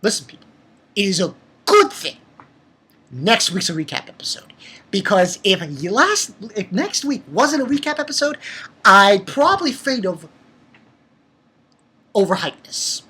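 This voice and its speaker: A woman giving an excited anime episode review, talking in an animated way with exclamations and swearing. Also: mid-range voice, unhurried, pauses often, husky.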